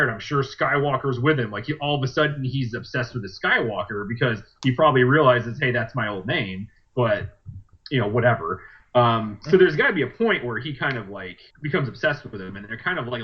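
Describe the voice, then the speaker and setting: A man co-hosting a podcast in casual chat, rambling through a plot retelling with lots of fillers. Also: medium pitch. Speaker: podcast co-host. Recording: dull lo-fi podcast recording.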